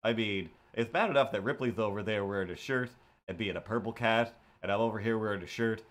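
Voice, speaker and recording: A man's voice: on the low side, quick pace. A man chatting casually on a livestream from a room at home, rambling and self-mocking as he works out a character voice. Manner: rambling, self-mocking, full of fillers and restarts. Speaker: animator and streamer.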